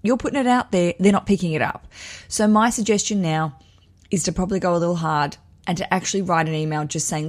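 A woman's voice: lowish voice, quick pace. Candid, swearing woman host. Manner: candid, swearing, self-mocking; digressive, with frequent laughs. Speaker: host of a wedding advice show. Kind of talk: casual chat reading listener letters.

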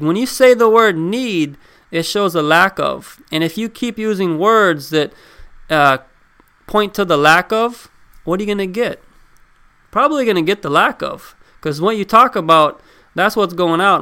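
A man with a high, smooth, resonant voice gives a casual motivational talk. He speaks in a loose, conversational way, asks his listeners questions and repeats key words to hammer his points home. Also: expressive, normal speed, pushed and bright. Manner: addresses listeners directly with questions. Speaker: self-help speaker.

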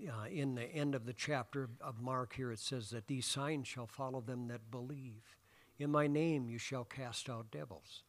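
A man preaching a sermon in a church sanctuary, talking conversationally and asking the congregation questions between many fillers. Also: mid-range voice. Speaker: pastor.

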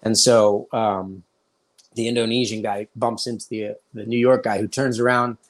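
A man's voice: on the low side, little pitch movement, moderate pace. American man telling stories casually. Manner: storytelling, acts out quoted voices. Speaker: podcast host. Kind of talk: casual conversation.

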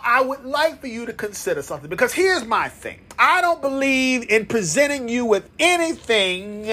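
Animated male podcast host, lively pitch. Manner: animated, call-and-response, playful. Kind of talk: casual promotional monologue.

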